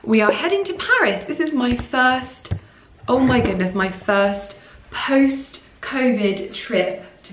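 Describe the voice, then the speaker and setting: A woman's voice: mid-range voice, distant mic. A young woman vlogging casually at home into a handheld camera, bubbly and rambling. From England. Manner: bubbly and rambling, with fillers and self-corrections. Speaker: lifestyle vlogger. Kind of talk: casual chatty vlog monologue. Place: indoors at home, mid-packing. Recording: echoey room, voice a little off-mic.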